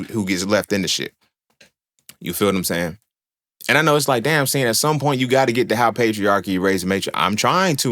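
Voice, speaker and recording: A man's voice: medium pitch, fairly bright tone. A young man hosting a podcast, talking in a casual monologue, slangy, profane and emphatic as he tells stories. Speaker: podcast host.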